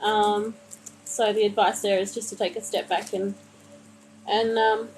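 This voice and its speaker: A woman reading tarot cards for viewers on a live stream, calmly reassuring them and calling them honey. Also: mid-range voice, a little slow, a little hiss or hum, poor audio. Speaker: tarot card reader. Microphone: phone.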